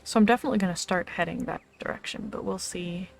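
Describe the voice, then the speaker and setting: A woman's voice: lowish voice, fast talker, gravelly, soft background music. A woman streamer chatting casually as she plays a game and talks to her pet between moves. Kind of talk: casual gameplay commentary.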